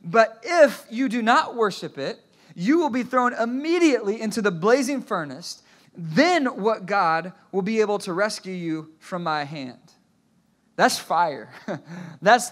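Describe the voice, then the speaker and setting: Guy preaching to his church, lively storytelling, keeps restarting lines, pretty high voice. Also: unhurried. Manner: animated storytelling with repeated restarts; asks the congregation to repeat phrases. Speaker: pastor. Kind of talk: sermon.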